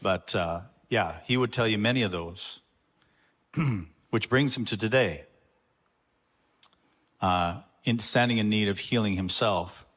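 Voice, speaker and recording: Low-voiced pastor addressing his church. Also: fairly bright tone. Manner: earnest, halting address with fillers. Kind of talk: introducing a guest to the congregation. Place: church sanctuary. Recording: long church reverb.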